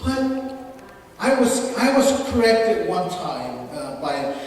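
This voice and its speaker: A man's voice: sits high, sing-song, slow pace, a little hiss or hum. A man from Micronesia with a Micronesian accent, preaching a sermon earnestly, often repeating and restarting phrases. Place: church hall. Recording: echoey hall from far off.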